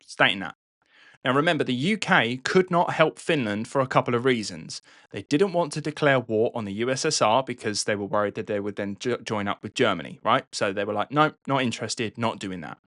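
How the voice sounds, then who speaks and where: A man's voice: medium pitch, a little fast, fairly bright tone, no echo. A man tells a history story on a podcast in a loose, chatty way, dropping swear words and checking in with "right?". His voice sits in the middle of his range and sounds dry, with no room around it. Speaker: podcast host.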